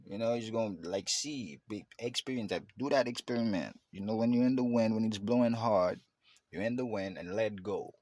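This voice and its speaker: This podcast host speaks at a normal pace in a fairly low, slightly mellow voice, recorded with no echo. His casual reflective monologue wanders, packed with fillers and fresh starts.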